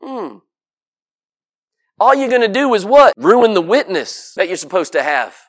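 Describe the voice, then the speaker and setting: A man's voice: high-pitched, big pitch swings, a little slow, fairly bright tone. A man preaching a sermon to a congregation in an emphatic, folksy way, piling up lists and asking rhetorical questions.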